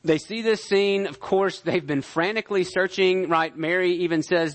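A man's voice: high-pitched, measured pace. A male pastor giving a conversational sermon, often checking in with his listeners. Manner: conversational, checks in with "right?" and "okay?".

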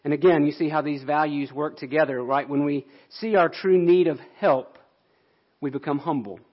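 A man's voice: a little high, normal speed, lo-fi sound. A man pastor delivering a sermon in an earnest, explanatory way.

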